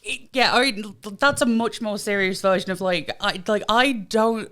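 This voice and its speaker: A woman's voice: mid-range voice, moderate pace, a bit bright. A British woman co-hosting a podcast, talking casually and hesitantly, with many fillers. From Britain. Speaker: podcast co-host. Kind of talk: casual chat.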